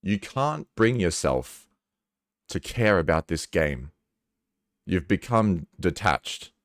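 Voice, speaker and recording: A man with a very low voice talks candidly to camera, casual and earnest, swearing now and then. His pitch swings widely as he explains. The sound is dry, with no room echo. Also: very animated, slow pace. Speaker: vlogger. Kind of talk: candid personal talk to camera.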